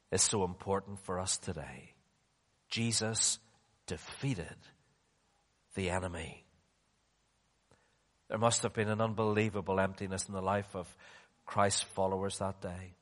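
A male preacher delivering a sermon, slow and emphatic, sinking to hushed tones and then rising again. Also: sits low. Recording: long reverb of a large hall.

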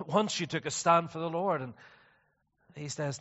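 A man's voice: on the high side, slow pace. Man preaching in a reverberant hall. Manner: swings from quiet musing to loud animated preaching. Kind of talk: sermon. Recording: dull, slightly distant sound with long reverb.

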